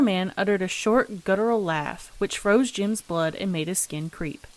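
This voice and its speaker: A woman narrating a classic ghost story as the host of a reading show, in a measured, steady manner. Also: medium pitch, no room sound.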